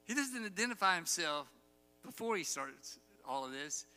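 High bright preacher guy telling a bible story in a sermon, big echoey hall, soft music under it. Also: normal speed. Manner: animated storytelling, acts out quoted lines, chuckles. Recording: long hall reverb, faint music.

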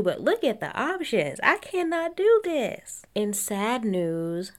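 A woman's voice: fairly low pitch, clear, resonant tone. A woman hosting a podcast, chatting candidly about reality TV gossip and laughing often, recorded while lying on a futon at home. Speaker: podcast host. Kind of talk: casual gossip and episode recap.

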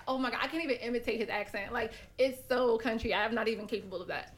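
A woman telling a story on a casual podcast, animated, cursing freely and acting out quotes. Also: on the high side, brisk, creaky. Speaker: podcast host.

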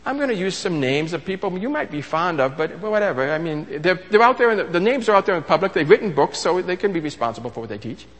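A man preaching a sermon with a fairly high, very lively voice that rises and falls widely. He teaches in a conversational way, stopping to ask rhetorical questions and restarting phrases. His voice carries a long reverb from a big hall. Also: fast talker, hardly any pauses.

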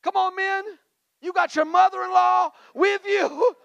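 A male pastor, preaching a sermon with a personal story and energetic call-and-response exhortations. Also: extremely high pitch, a little slow, vocal fry, no echo, highs cut off. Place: church.

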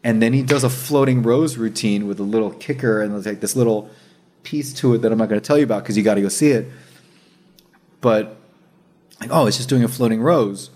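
A man hosting a casual chat, telling a story with energy, swearing and acting out what others said. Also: on the low side. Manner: animated, slangy storyteller who swears and says dude and bro; acts out others' words in quick asides.

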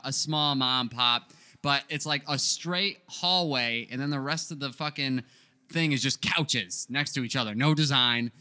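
Bright-voiced profane young man. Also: medium pitch, moderate pace. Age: 20s. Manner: rambling, profane, deadpan. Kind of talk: casual comedic storytelling.

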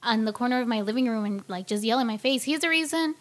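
Woman, bright higher voice, frank supportive conversation partner. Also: animated, fast. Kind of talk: casual chat.

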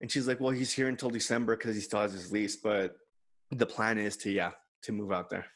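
This podcast co-host has a fairly low, slightly bright voice with fairly even intonation, and he talks briskly. In casual chat he candidly shares a personal story, quoting other people in his own voice.

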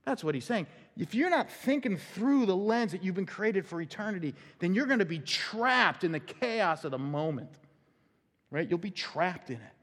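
A man's voice: high voice, sing-song, normal speed, a bit bright. A man preaching a conversational sermon as pastor, acting out quotes and laughing along the way. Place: church sanctuary. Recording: long church hall reverb.

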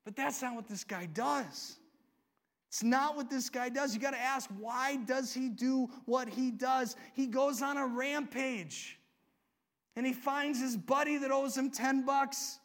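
A man preaching a sermon, reading scripture and talking conversationally, moving between loud excitement and hushed asides. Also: very high voice. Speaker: pastor.

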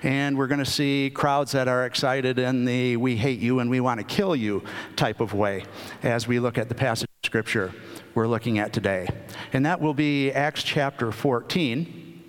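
Male preacher, unhurried and halting, mid-range voice, long hall reverb. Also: medium pitch, steady tone, clear, resonant tone. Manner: unhurried, many fillers and restarts. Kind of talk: sermon.

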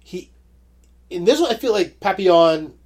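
A man co-hosting a podcast, reviewing a movie in measured casual chat and agreeing often. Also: high voice, expressive. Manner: measured, agreeable, frequent short assents. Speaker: podcast co-host.

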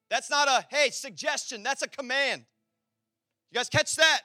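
A man preaching a passionate sermon in a church, swinging between loud and quiet. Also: very high-pitched, normal speed, no room sound, clean studio sound, soft background music. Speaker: pastor. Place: church hall.

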